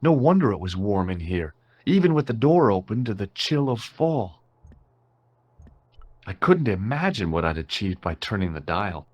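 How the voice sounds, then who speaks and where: A wry hero in a game, narrating with dry sarcasm. His pitch moves in animated ups and downs. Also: moderate pace, dull audio. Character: wry American tourist-detective hero.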